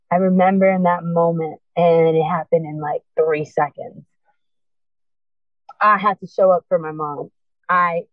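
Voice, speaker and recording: A woman's voice: lowish voice, dry recording. Woman, earnest emotional storytelling, acts out dialogue, tinny phone-like sound, dry. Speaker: speaker sharing a personal testimony. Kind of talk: personal storytelling.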